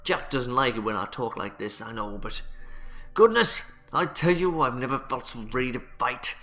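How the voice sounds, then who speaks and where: A man voicing an enraged village husband in a game, loud, fierce and threatening. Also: mid-range voice, normal speed, faint music behind. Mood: furious. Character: furious protective village husband, hot-tempered.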